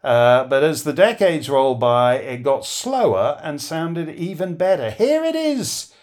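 A man's voice: a little high, very animated, measured pace, a little mellow. A middle-aged man hosting a live listener Q&A, sardonic and rambling, his voice beginning to give out. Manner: rambling, sardonic, with many fillers. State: losing his voice. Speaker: host.

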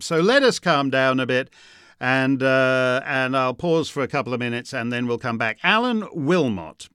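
A man's voice: medium pitch, animated, unhurried, a bit bright, clean tone, no room sound, studio quality. A man hosting an opinionated commentary monologue, rambling with stumbling restarts and breaking into heated outbursts. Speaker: host.

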